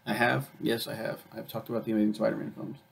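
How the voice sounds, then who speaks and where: A young video reviewer talks through a show in a quick, casual, rambling way, full of ums and uhs and free swearing. His voice is lowish, level, gravelly and husky.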